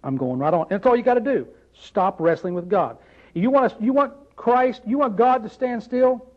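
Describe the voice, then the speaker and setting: Preacher guy with a high voice, chatty sermon, keeps asking the crowd questions, dull lo-fi sound. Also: lively intonation, normal speed. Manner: conversational preaching with rhetorical questions to the congregation.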